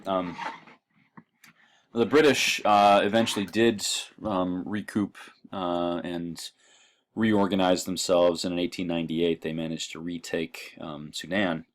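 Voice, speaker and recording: A male history lecturer giving a halting classroom lecture with lots of ums and uhs and a dry throat. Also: low-pitched, flat delivery.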